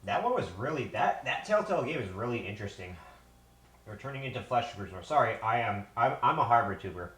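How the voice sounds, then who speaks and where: A man's voice: mid-range voice, sing-song, fast, bright, forceful tone. A man streaming live from a home kitchen, winded and tired. He rambles to his viewers and swears often. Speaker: livestreamer. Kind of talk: casual live-stream chat.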